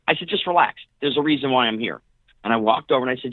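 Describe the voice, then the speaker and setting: A middle-aged man, a guest on an interview show, telling casual stories in an animated way and acting out what other people said. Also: mid-range voice, fast, no echo. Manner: animated storyteller who acts out quoted dialogue. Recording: tinny phone-line audio, dry.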